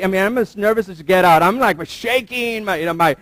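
A man in his thirties preaching in a loose, storytelling way, his voice sitting a little higher than most men's. He stumbles and restarts with easy fillers and throws rhetorical questions at the congregation. The sound is close and dry, with almost no room around it. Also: a little fast, hardly any pauses, fairly bright tone, dry recording. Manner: self-deprecating, asks listeners rhetorical questions. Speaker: pastor. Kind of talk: conversational sermon with personal story.

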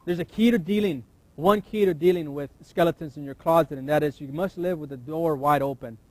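Male pastor, sermon delivery. Reads scripture, then preaches in a plain, conversational tone with emphatic slowdowns. The voice sits a bit high, and the recording is close and dry. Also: no echo, low-quality recording.

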